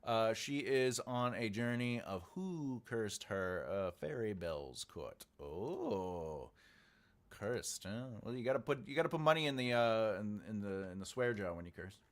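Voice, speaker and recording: A man chats casually with viewers while outlining a story, muttering notes to himself between jokes. His pitch moves a lot, rising and dropping from one phrase to the next. Keyboard clicks sit behind his voice. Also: expressive, unhurried. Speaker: author livestreaming his writing process.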